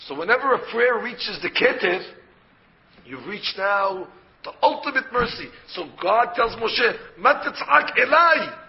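A man's voice: high-pitched, lively intonation, measured pace, dull audio. A man, a rabbi, giving a Torah lecture and explaining by asking questions and answering them himself. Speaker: rabbi teaching a Torah class.

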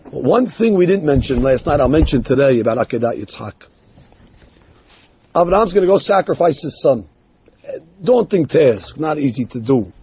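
A man teaching a sermon on Torah stories, acting out the dialogue of the people in them with lively changes of voice. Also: medium pitch, a little hiss or hum. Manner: animated, acts out dialogue in the stories. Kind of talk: sermon with storytelling. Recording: dull lo-fi recording.

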